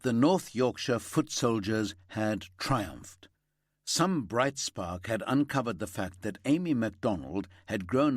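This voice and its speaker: Lively, low-voiced male audiobook narrator. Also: no echo, studio quality. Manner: steady, lively storytelling. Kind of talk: scripted narration of a crime thriller.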